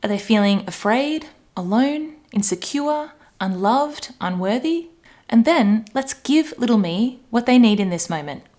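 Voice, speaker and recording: A woman's voice: fairly high pitch, expressive, a little slow. A woman, giving a chatty coaching talk and playfully acting out examples. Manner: warm-hearted, chatty, acts out voices playfully. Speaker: life coach. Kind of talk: solo coaching talk to camera.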